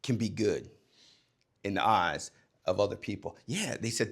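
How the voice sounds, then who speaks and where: A man and former coach giving a motivational talk to young people, emphatic, swinging between loud and hushed delivery. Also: mid-range voice, animated, moderate pace.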